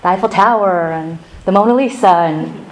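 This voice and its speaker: A middle-aged woman pastor opening a sermon with a chatty, animated personal story, laughing now and then. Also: fairly low pitch, normal speed, very noisy.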